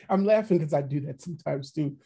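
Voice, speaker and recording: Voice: mid-range voice, mellow, husky. A workshop trainer leading an online training session, posing reflective questions, repeating them, and reading out participants' chat replies over a video call. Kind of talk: online training webinar facilitation.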